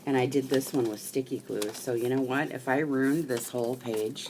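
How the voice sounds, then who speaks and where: A middle-aged woman rambling casually to live-stream viewers while she crafts at home, chatty and quick to swear. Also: extremely low pitch, fairly even intonation, noisy background.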